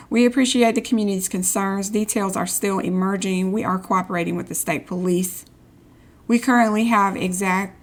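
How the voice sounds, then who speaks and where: A woman streaming a story game, reading in-game social posts aloud and adding sarcastic asides. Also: medium pitch. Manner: sarcastic asides between read-outs. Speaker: gameplay streamer.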